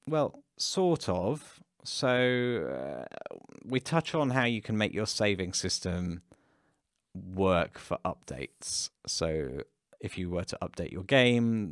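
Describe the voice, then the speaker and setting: Low, gravelly English man, relaxed co-host explaining things plainly, dry close mic. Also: slow pace, no echo. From England. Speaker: course creator and co-host. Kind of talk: casual livestream Q&A.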